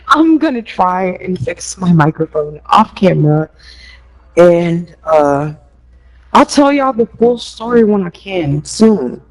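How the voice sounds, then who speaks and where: A woman's voice: fairly low pitch, very animated, slow pace, rough recording. A young woman, rambling emotionally on a live stream, swearing and laughing nervously, close to tears. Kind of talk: casual live stream chat.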